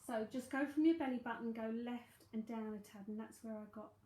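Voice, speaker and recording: A London-accented psychic medium gives a live-streamed reading as casual chat, rambling and thinking aloud with lots of fillers. Her warm voice sits a little high and moves a little fast. The room around her rings with noticeable echo.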